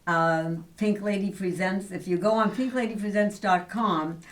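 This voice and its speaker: A woman's voice: medium pitch, moderate pace, recorded from a distance. A woman hosting a talk show interview, upbeat and gushing, laughing often. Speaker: host.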